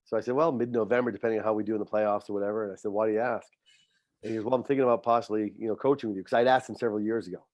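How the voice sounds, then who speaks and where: A middle-aged man, a high school football coach, speaking in a heartfelt, faith-filled way on a podcast, often repeating words when he is moved. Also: steady tone, racing, a little mellow, no room sound, muffled recording. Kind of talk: emotional podcast interview.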